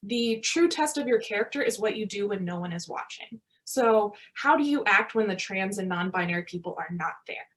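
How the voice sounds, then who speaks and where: A woman's voice: medium pitch, lively intonation, moderate pace, few pauses, a bit bright. Chatty woman doctor in her thirties. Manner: conversational, frequent tag questions like "right?". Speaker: family medicine physician. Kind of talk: virtual teaching talk.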